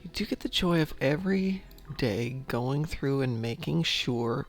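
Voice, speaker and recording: Sleepy, gravelly male gaming host. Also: medium pitch, moderate pace, few pauses, soft background music. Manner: chatty, rambling, thinking aloud. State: sleepy, just woke up. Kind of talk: casual gameplay commentary.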